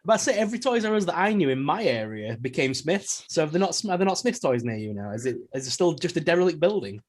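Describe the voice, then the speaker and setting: A man co-hosting a casual podcast chat, quick and stumbling over his opening words. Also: a little high, very animated. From Ireland. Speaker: podcast co-host.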